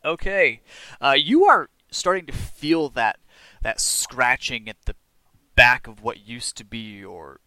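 A man narrating as game master of a tabletop role-playing game, chatty and quick to laugh. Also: medium pitch, very animated, pushed and bright, no echo.

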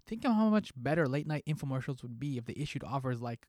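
A man hosting a podcast, delivering a scripted monologue with a playful, joking lilt. His voice sits in an ordinary middle pitch. The sound is close and dead dry, with no room around it. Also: a little fast, a little mellow, no echo. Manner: playful, jokey delivery with pop-culture asides. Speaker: podcast host.

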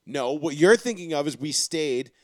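Ranting, swearing young man, lively pitch. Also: moderate pace, dry recording, studio quality. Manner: profane, ranting, lots of filler "like". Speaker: podcast co-host. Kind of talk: casual chat.

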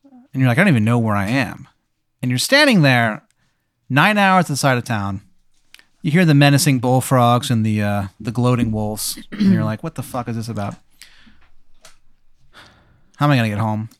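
A man telling a rambling, deadpan improvised story, full of fillers. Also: mid-range voice, normal speed, pauses often, dry recording, clean studio sound.

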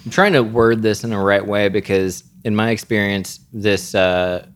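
A man with a very low voice chats casually as a co-host. He tells loose, rambling stories full of fillers and throws in jokes along the way. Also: normal speed, smooth. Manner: rambling, anecdotal, joking. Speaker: podcast co-host. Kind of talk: casual conversation.

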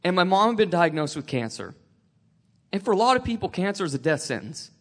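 Tearful guy telling his faith story, highish voice, keeps stumbling and restarting. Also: very animated. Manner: emotional, halting with many restarts. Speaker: speaker sharing testimony. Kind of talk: personal faith testimony.

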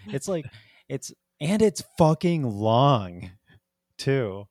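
A man's voice: medium pitch, big pitch swings, extremely slow, a little mellow, no room sound, studio quality. A man co-hosting a podcast, chatting casually about a movie, rambling with lots of "like" and frequent laughter. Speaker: podcast co-host. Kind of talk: casual movie review chat.

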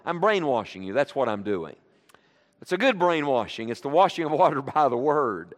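Animated male preacher in a reverberant church. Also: a little high, a little fast. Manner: animated, call-and-response with the congregation. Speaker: guest preacher. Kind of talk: sermon. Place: church sanctuary. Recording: long reverb of a church hall.

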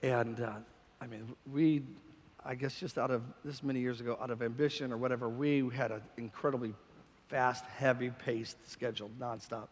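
A man preaching a sermon with passion, swinging between shouted peaks and quiet, storytelling stretches. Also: mid-range voice, steady tone, normal speed, big-room sound.

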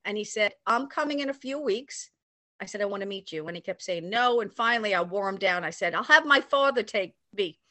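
Older woman telling a lively anecdote. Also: mid-range voice, fast talker, hardly any pauses, no echo. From New York area. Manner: animated, acts out quoted voices. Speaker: storyteller recounting a personal memory. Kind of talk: casual anecdote.

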